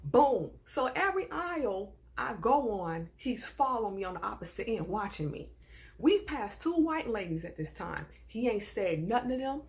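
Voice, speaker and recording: A young woman from the American South with a Southern accent, telling a personal story in a casual, animated and indignant way. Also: mid-range voice, moderate pace. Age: young adult. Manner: animated, indignant, swings between hushed asides and raised outbursts.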